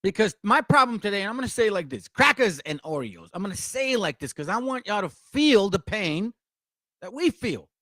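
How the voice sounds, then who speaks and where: A man's voice: sits high, very animated, brisk, pushed and bright, no echo, clean studio sound. A man, hosting a blunt, confrontational and profane commentary for viewers. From Mexico. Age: 40s. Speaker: channel host.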